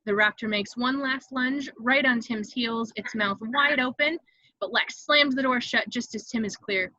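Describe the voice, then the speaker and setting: A woman reading stage directions aloud in an amateur online table read, brisk and vivid, with occasional slips she corrects. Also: fairly high pitch, bright, forceful tone, no room sound, lo-fi sound.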